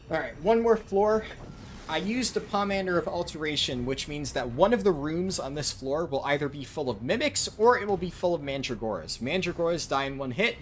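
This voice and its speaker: Laid-back animated male streamer. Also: on the high side. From New Jersey, USA. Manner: laid-back, chatty, reacting to chat. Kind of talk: casual chat while gaming.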